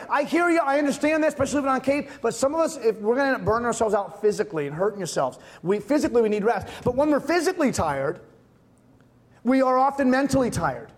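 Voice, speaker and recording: A man's voice: very high-pitched, sing-song, quick pace. A man in his thirties, a pastor, preaching a conversational sermon with emphatic repeated refrains. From Massachusetts.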